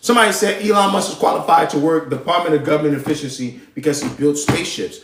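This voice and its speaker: A high-voiced man rants on his live show, his pitch swinging widely as he gets heated. His talk is slangy and profane, and it carries a roomy echo around it. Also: animated, fast, few pauses, background noise. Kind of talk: casual political rant.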